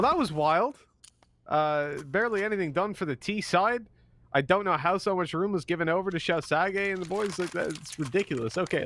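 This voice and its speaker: A man commentating live on an esports match, teasing his co-caster with excitable banter. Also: on the high side, a little hiss or hum.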